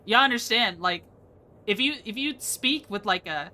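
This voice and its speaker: A young woman streamer talks to her chat in a bright, forceful voice. She jumps from topic to topic, rambling and laughing along the way. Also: mid-range voice, animated, measured pace. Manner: chatty, rambling, laughs often. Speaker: VTuber streamer. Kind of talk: casual live-stream chat.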